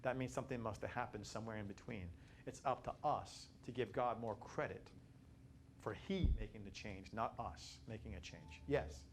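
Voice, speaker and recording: Man, bible study teacher, animated and emphatic, faint background hiss. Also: on the low side, moderate pace. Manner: animated, repetitive, rising to emphatic peaks.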